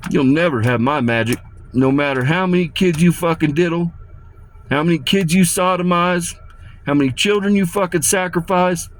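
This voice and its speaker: A man's voice: on the high side, normal speed, slight background noise. Profane, menacing man ranting. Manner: profane, menacing, rambling and repetitive. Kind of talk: ranting monologue to camera.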